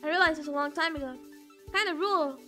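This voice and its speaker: Woman reading out a dazed teen girl's inner voice, super high and bright, faint music behind. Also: quick pace. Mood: wistful. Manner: reads first-person narration aloud. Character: teenage girl narrator, dazed and overwhelmed.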